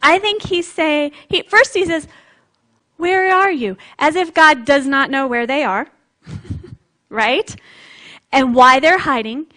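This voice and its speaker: A woman's voice: high voice, a little slow, pushed and bright. A woman preacher giving a sermon in a conversational, reflective way, with light laughs.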